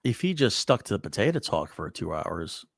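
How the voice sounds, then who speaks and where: A male guest chats and jokes on a live stream. His voice is fairly low and gravelly, with wide swings in pitch. He often stammers on repeated words, and the sound is dry. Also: big pitch swings, moderate pace, no room sound. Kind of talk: casual chat on a live stream.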